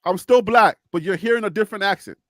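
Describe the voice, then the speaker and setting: High-voiced African man hosting a lively panel. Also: fast, no echo. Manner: animated, laughs often, cuts in. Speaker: host. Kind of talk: casual panel chat.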